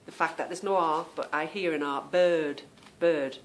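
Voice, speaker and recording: A native English-speaking woman hosts a podcast in a casual monologue, chatty and amused at herself, explaining things with lots of fillers. Her voice sits low, moves fairly quickly, and has a fairly bright tone.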